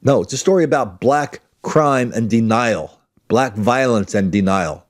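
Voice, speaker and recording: A man's voice: mid-range voice, unhurried. A man hosting his own podcast in a blunt, combative solo monologue, rambling with many restarts and asides. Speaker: podcast host.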